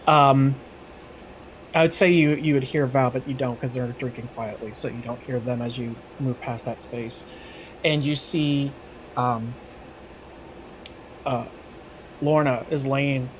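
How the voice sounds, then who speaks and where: A man's voice: mid-range voice, a little hiss or hum, low-quality recording. A man narrating a tabletop game as its game master, in a loose, hesitant way with many fillers.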